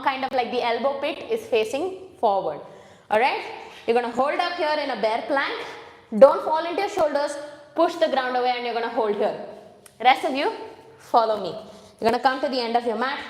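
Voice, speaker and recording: A woman leading a home workout class, counting reps and coaching form, out of breath at times. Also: sits high. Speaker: fitness instructor. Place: home room with a hard floor. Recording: echoey room with long reverb.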